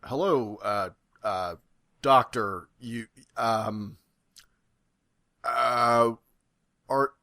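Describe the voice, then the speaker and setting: A baffled male soldier astronaut, as a man plays him, stumbling through his words with plenty of pauses. The sound is very dry and close, with no room around it. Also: medium pitch, sharp tone, no echo, full character voice. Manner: hesitant, halting.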